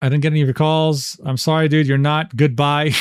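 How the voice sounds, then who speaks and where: A man's voice: a little high, little pitch movement, normal speed, smooth, dry recording, studio quality. A man streaming casually, reading messages and screenshots aloud with profane, exasperated, sarcastic asides. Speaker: streamer reading drama documents. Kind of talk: casual livestream commentary.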